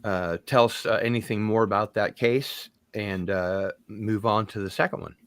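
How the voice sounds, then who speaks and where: A man's voice: lowish voice, normal speed, fairly bright tone, clean tone, dry recording. Dry-voiced man reading a story. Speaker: podcast host. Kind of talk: reading an account aloud, then interview chat.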